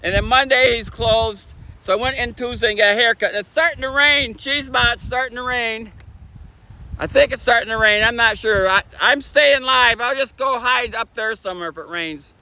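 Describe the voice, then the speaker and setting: A man with a Michigan accent chatting fast and casually on a livestream, sitting outdoors on a bench by a bridge. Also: very high-pitched, pushed and bright, poor audio. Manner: talks fast, chatty, laughs often. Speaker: streamer. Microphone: phone camera on a tripod.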